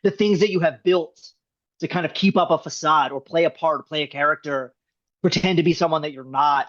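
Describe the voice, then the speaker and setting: A man's voice: a little high, fairly quick. A man, a screenwriter, talking casually in an interview, rambling with many restarts. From United States. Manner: rambling, restarts often, animated. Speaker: screenwriter guest. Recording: dull lo-fi sound.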